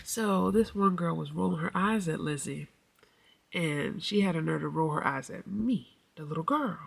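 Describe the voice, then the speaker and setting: A middle-aged woman vlogging casually to her viewers, telling a family story and acting out the quoted lines with sudden high-pitched outbursts. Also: moderate pace, creaky, breathy edge, no echo, distant mic. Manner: animated storytelling, acts out quotes with big pitch jumps. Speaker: mommy vlogger. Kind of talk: casual vlog talk.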